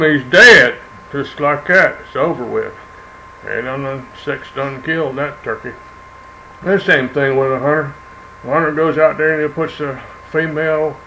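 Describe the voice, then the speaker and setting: Older male host, 70s, drawling storyteller, slightly high bright tone, faint noise behind. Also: rough recording. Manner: rambling, drawling storyteller with many "uh"s. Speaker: commentary show host. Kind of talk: folksy monologue commentary.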